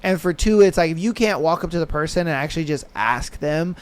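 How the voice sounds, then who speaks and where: A young man with a high, smooth voice hosts his podcast in loose, slangy commentary, blunt and animated. The recording is dry and close to the mic. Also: a little fast, dry recording. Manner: animated, slangy and blunt, with frequent laughs and "you know what I mean". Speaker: podcast host. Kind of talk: casual solo podcast commentary.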